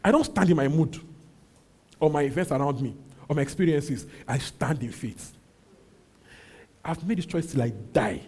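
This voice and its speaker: A young man with a husky voice preaching a sermon as pastor, emphatic, repeating his phrases and swinging from loud calls to low asides. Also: moderate pace, pauses often.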